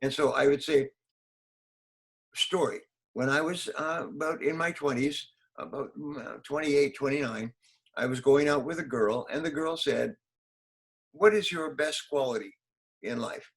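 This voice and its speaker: A man's voice: on the high side, measured pace, rough recording. An older man, a motivational speaker, answering interview questions in an emphatic way, repeating key phrases and acting out quotes.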